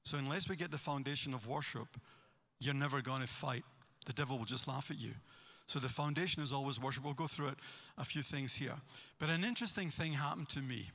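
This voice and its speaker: A man with a Scottish accent, a pastor preaching a sermon and telling stories with animated energy. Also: mid-range voice, fairly quick, gravelly. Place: church hall. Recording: long hall reverb.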